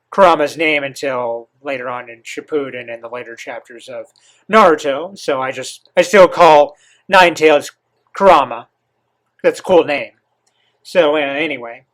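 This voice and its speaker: A man hosting a comic reaction, reading and commenting with many halting pauses and eager asides. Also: on the high side, fairly bright tone. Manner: halting, filler-heavy, enthusiastic asides.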